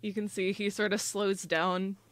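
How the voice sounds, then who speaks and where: A woman narrating a tabletop role-playing game as game master, relaxed and full of fillers. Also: mid-range voice, unhurried, slight background noise. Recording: faint background music.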